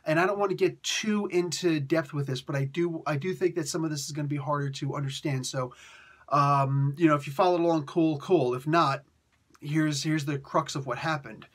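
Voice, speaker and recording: A man hosting a comic book review, chatting in a casual, animated way with jokey asides. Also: fairly high pitch, moderate pace.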